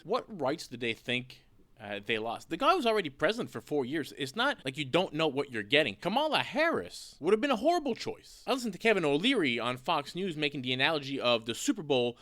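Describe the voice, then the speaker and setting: A man hosting the show, giving measured political commentary in a lecturing way. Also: fairly high pitch, sing-song, fairly bright tone, dry recording. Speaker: channel host.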